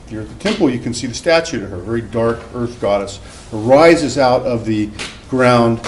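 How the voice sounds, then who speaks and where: A man's voice: medium pitch, normal speed, slight background noise, rough recording. A man giving a classroom lecture, telling a story in a conversational way with many fillers and restarts. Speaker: professor.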